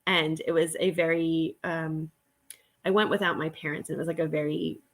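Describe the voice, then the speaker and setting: While working, a woman hosts a casual live stream, chatting excitably, laughing often, and greeting viewers by name. Her voice is low and moderately paced, and her talk rambles with restarts.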